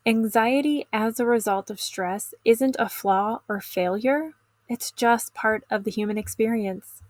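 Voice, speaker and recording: A middle-aged woman coaching teens in an instructional video lesson, calm and encouraging, speaking straight to the viewer. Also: fairly high pitch, unhurried, dry recording. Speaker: teen stress coach.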